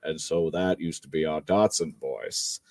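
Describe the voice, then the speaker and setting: A man's voice: very deep voice, measured pace, a little mellow, no room sound, clean studio sound. A man chatting casually on a livestream, telling a story in an easygoing way. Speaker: co-host.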